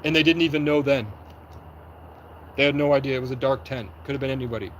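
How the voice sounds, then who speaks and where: A young man on a livestream, recounting events in an agitated, rapid way and acting out what people said. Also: medium pitch, steady tone, highs cut off, slight background noise. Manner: agitated, rapid storytelling with reenacted quotes. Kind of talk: livestream monologue.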